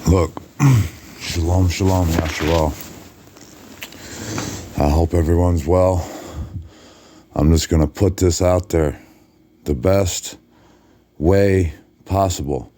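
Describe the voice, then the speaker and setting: Exhausted and drained, a video blogger lies in bed in a hotel room late at night, talking casually to his followers and rambling through restarts and self-corrections. His voice is low and fairly even, slow with frequent pauses, over a noisy background.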